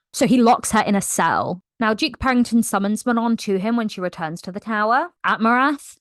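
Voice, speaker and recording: A woman's voice: medium pitch, no echo, studio quality. Young woman gushing over a book. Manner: animated, gushing storyteller. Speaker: book vlogger. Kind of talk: casual book recap vlog.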